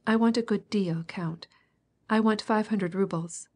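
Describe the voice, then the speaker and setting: A woman voicing a stern, fussy older countess who talks in a sharp, demanding way. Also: medium pitch, unhurried, husky. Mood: coaxing.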